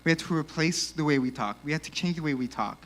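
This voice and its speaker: A young man giving a casual, animated youth sermon in a church, peppered with "like," and a little out of breath. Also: a little high, quick pace, a little hiss or hum. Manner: casual, animated, lots of 'like'. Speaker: youth speaker.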